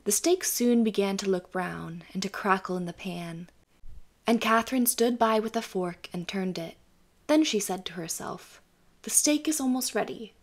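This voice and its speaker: A woman narrating a fairy tale audiobook in a calm, even storytelling manner. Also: mid-range voice, moderate pace. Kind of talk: scripted bedtime story narration.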